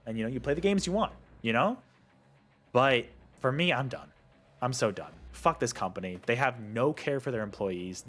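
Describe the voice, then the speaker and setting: A young gaming video creator rants angrily to camera, heated and swearing, with a slightly bright voice. His pitch jumps up whenever he gets worked up.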